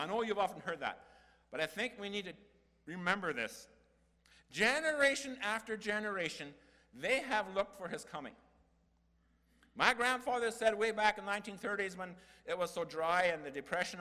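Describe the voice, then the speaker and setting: A man's voice: high-pitched, bright, forceful tone. An older man preaching a sermon in a church hall, earnest and folksy, building to emphatic peaks.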